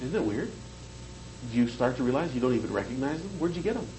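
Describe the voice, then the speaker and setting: A man's voice: medium pitch, sing-song, quick pace, noisy background. A man teaching a hypnosis seminar, lecturing conversationally and checking in with the room. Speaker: hypnosis trainer.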